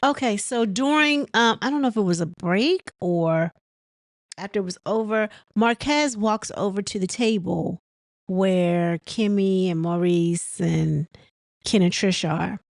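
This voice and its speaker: A woman's voice: medium pitch, a little slow, gravelly, no room sound. Lady rambling thru a reality tv recap, lots of ums, laughing at the cast, dry room. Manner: rambling, laughs and mimics cast members' lines; many fillers and restarts. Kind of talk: casual chat recapping an episode.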